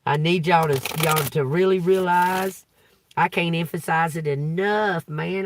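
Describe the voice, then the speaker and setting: This tarot reader's voice sits on the high side, with fairly even intonation and an unhurried pace. During his livestream he reads scripture and riffs on it casually, repeatedly asking "okay?", and his preaching is emphatic, punctuated by swearing and laughter.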